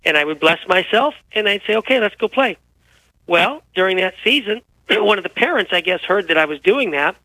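A man who is feeling unwell, a guest telling lively anecdotes on a radio interview. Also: sits high, a little fast, no echo, low-quality recording. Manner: animated, tells anecdotes with quoted dialogue. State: unwell, feels physically poor. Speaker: guest author.

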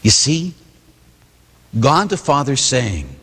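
Male priest, husky tone, animated delivery, preaching casually but with punch in a reverberant church. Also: a little high, moderate pace. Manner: conversational, emphatic preaching. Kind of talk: sermon.

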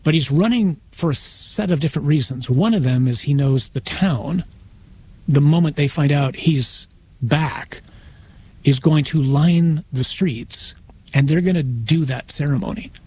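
A man, a priest guest on a radio interview, retelling a story in a conversational, animated way. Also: a little high, a little slow, a little hiss or hum. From United States. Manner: conversational, acts out voices in his retelling, frequent restarts.

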